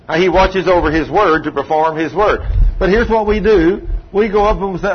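A man's voice: fairly high pitch, expressive, quick pace, hardly any pauses. A man preaching a sermon, telling stories in a folksy, emphatic, drawling way. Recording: muffled lo-fi sermon recording with faint hiss.

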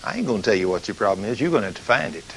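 A preacher voicing a mocking male demon who taunts in a low, hushed, sneering voice. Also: big pitch swings, racing, gravelly, a little hiss or hum, full character voice, poor audio. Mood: taunting.

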